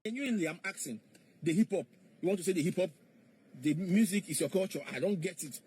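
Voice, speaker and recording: High-voiced man, mocking questions. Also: quick pace, darkish tone, a little hiss or hum. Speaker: speaker in a played clip. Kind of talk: argumentative monologue.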